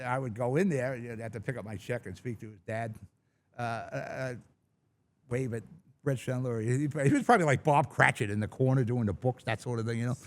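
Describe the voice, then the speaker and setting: Blunt, rambling middle-aged radio host. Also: male voice, mid-range voice. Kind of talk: talk radio monologue. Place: large studio.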